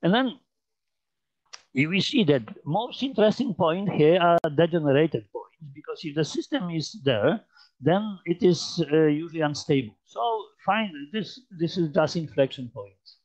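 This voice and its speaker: A man with a Polish accent, a native Polish speaker, giving an informal mathematics lecture while demonstrating on a computer, halting with many fillers, restarts and repeated phrases. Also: on the high side, lively intonation. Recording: dull lo-fi sound.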